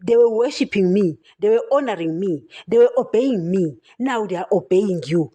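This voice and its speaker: A woman's voice: mid-range voice, lively intonation, moderate pace, hardly any pauses, dark tone. A woman preaching on a podcast, impassioned and emphatic, who keeps calling out to her listeners as "guys". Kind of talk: podcast sermon.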